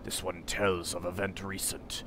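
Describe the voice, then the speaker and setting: A man voicing a stiff, formal stranger who speaks slowly and deeply about himself in the third person. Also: little pitch movement, noisy background. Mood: solemn. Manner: slow, deep, formal, talks of himself as "this one".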